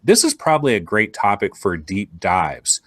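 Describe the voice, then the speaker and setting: A man hosting a podcast in casual chat, animated and acting out imagined listeners. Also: lowish voice, normal speed, dry recording, studio quality. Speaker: podcast host.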